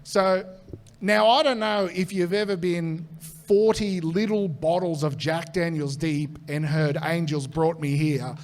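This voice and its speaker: Australian male comic, slightly high voice, animated live storyteller who swears freely and acts out quotes. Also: a little slow. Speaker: comedian guest.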